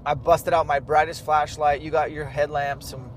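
A man's voice: a little high, normal speed, a little hiss or hum. A man casually retelling a hunting trip, acting out quoted dialogue. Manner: lively, acts out quoted dialogue. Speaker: hunter telling a hunting story. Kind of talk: casual storytelling chat.

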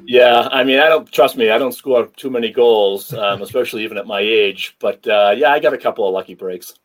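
A man's voice: medium pitch, a little fast. A man from New England with a Boston accent, a former hockey player telling stories as a podcast guest. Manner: relaxed storyteller with many um fillers. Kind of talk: podcast interview.

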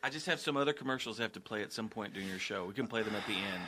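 A producer man speaking very fast and matter-of-fact, with a bright, forceful tone. His pitch moves lively even as he handles the scheduling. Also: a little hiss or hum. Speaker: show producer. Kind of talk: casual studio chat.

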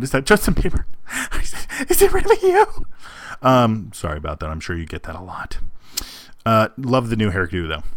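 A man hosting a show, chatting casually and hesitantly, with frequent pauses and restarts, on a close, dry mic. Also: on the low side, sharp tone, no room sound. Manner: hesitant, lots of ums and restarts. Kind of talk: casual chat.

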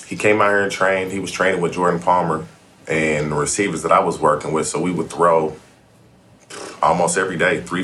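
A man in his forties, a former football player and sports analyst, talking with the host in a relaxed, easygoing way as a podcast guest. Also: low-pitched, a little hiss or hum. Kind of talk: casual conversation.

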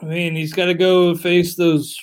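Higher-voiced man hosting a sports podcast. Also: flat delivery. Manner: brisk, conversational, leads the rundown. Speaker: podcast co-host. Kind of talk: casual podcast chat.

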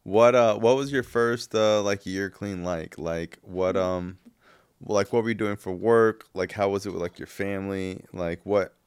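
A man hosting a podcast, asking interview questions in a relaxed, hesitant way full of "like" and "uh". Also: lowish voice, measured pace, clean tone, dry recording, clean studio sound. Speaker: podcast host.

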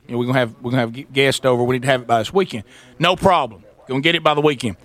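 A man, hosting a talk radio show and telling a story in a lively way, acting out the people in it. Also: mid-range voice, rapid-fire. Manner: animated, acts out quoted voices, sarcastic. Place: radio studio.

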